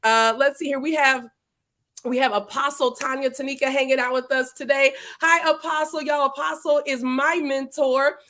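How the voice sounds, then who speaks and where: Female livestream host, somewhat high-pitched, casual and playful, shouts out viewers. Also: steady tone, normal speed. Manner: chatty, playful, greets viewers by name. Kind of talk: casual live interview chat. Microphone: livestream setup.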